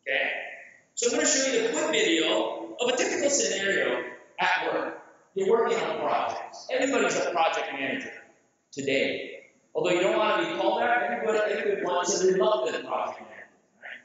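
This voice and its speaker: Speaker from Southeast Asia; high, animated voice; jokey and quizzes the crowd; long hall echo, heard from a distance. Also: male voice, fairly quick, a little hiss or hum. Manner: animated, jokey, asks the audience questions. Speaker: conference speaker. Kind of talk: conference presentation. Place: large conference hall. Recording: echoey hall, distant mic, dull sound.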